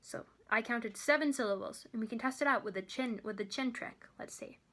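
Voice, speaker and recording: A young woman in college teaches children from home. She has a fairly high voice with a bright, clear tone, and she slows down to sound out words carefully, syllable by syllable. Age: young adult. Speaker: college student tutor. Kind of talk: kids' lesson video.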